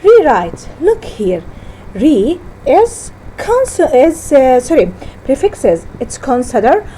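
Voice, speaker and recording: Woman teacher, slow careful lesson delivery, lively rising and falling pitch, mellow tone with a faint hiss behind. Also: rough recording. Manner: slow, deliberate teaching with word-by-word repetition; self-correcting, halting phrasing. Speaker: English teacher. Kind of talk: classroom lesson on syllables.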